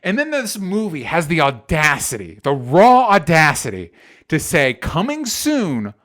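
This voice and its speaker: A man's voice: a little high, huge pitch swings, moderate pace, fairly bright tone. A man co-hosting a casual chat show, ranting animatedly with exasperation and swearing. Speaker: podcast co-host.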